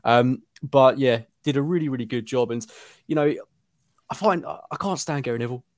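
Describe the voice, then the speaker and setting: A man's voice: medium pitch, no echo, studio quality. A man in a casual football podcast chat, emphatic and opinionated. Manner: emphatic, opinionated, quick to get worked up.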